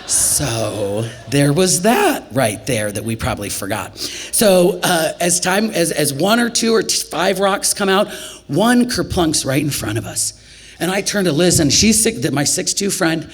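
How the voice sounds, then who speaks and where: A lively woman from Nebraska spins a tale on a festival stage. She talks conversationally and laughs often, leaping up in pitch whenever she acts out what someone said. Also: measured pace, slightly rough. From Nebraska, USA. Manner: animated, acts out quoted lines with big jumps in pitch. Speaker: storyteller. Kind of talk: live storytelling performance.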